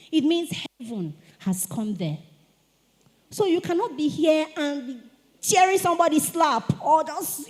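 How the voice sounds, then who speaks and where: A woman giving a lively etiquette talk to teenagers at a church retreat, calling on the audience to answer. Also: high-pitched. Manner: animated, asks the audience to respond. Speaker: speaker at a teen church retreat. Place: church hall. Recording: long hall reverb.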